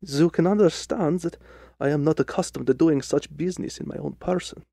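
A man's voice: a little high, fairly quick, vocal fry, no echo, studio quality. A man voicing a proud and agitated male king in a radio drama, speaking in a formal, commanding way. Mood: urgent. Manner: formal, commanding, louder than the narration.

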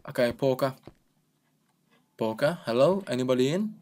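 A man's voice: medium pitch, normal speed, long pauses. Young guy doing a let's play, jokey, keeps going oh my gosh, middling voice. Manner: excitable, jokey exclamations. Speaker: gaming channel host.

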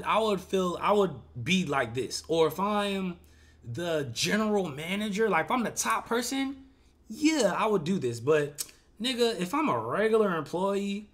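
Animated young man ranting casually. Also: high-pitched. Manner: animated, profane, opinionated rambling. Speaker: reaction video host. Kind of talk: casual reaction commentary.

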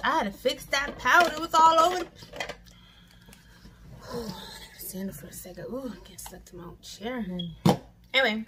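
A woman's voice: mid-range voice, gravelly, a bit bright, slight background noise. A young woman chatting casually through a makeup tutorial at home, self-mocking and swearing now and then. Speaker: beauty vlogger. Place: home room with mirror and lights. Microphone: camera mic.

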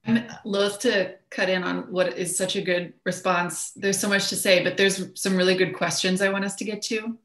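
A woman moderating a panel, soft-spoken and apologetic, correcting herself as she reads audience questions. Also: mid-range voice, steady tone, normal speed, few pauses, echoey room.

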